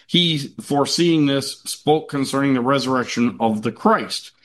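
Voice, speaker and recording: Halting man teaching a Bible class. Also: mid-range voice, fairly bright tone. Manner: loose and halting, with many restarts, reading scripture aloud at a quicker clip.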